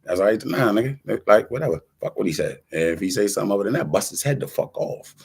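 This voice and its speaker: Man, low gravelly voice, loose profane street-slang monologue that hops from topic to topic. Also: fast talker. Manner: animated, jumps between topics. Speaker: rapper talking to camera. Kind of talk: casual rambling monologue.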